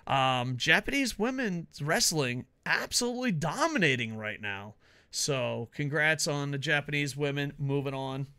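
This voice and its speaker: A man co-hosting a wrestling podcast in casual chat, animated and jokey, laughing often. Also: fairly high pitch, a little slow, clear, resonant tone. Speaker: podcast co-host.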